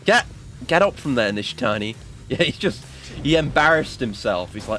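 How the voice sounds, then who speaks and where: A man's voice: mid-range voice, moderate pace, faint music behind. A man giving casual let's-play commentary on a video game, yelping and swearing when the game surprises him. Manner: excitable, yelps and swears at the game. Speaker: gaming streamer.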